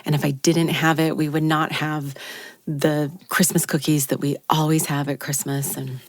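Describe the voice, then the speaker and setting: Low-voiced woman telling a story. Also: normal speed, dry recording, clean studio sound. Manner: animated, acts out quoted lines with pitch jumps. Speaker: radio show team member. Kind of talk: personal storytelling on a talk show. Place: radio studio.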